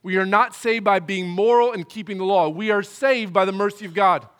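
Guy preaching a sermon, kinda high voice, careful and earnest. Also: a bit bright, clean tone. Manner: measured, earnest expository preaching. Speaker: pastor.

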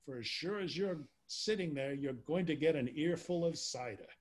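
A man reading as a streetwise old New Yorker warning his son off gamblers, husky and raised in pitch. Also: normal speed, lightly acted. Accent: New York. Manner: tough-guy New York mobster drawl.

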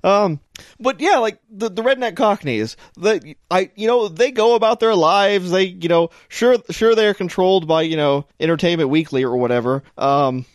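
This podcast co-host has a high-pitched male voice at a moderate pace, recorded without echo. His casual talk wanders, full of jokes and filler words.

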